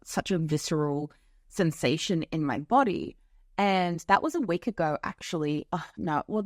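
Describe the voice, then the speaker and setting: Low-voiced woman hosting a spiritual podcast. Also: no echo, clean studio sound. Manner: frank and profane, with frequent fillers. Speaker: podcast host. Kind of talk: casual spiritual talk.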